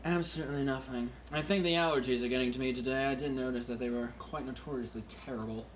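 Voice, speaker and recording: A man hosting a casual wine-tasting vlog at home in a deliberately put-on British accent, joking and rambling about himself while recording on a phone. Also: mid-range voice, steady tone, slight background noise. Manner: jokey, rambling and self-mocking.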